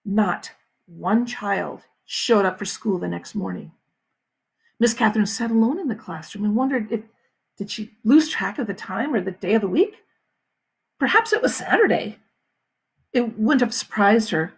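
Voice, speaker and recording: A woman school principal reading a novel aloud to her students with expressive storytelling. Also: mid-range voice, normal speed, vocal fry, slightly rough. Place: home, livestream.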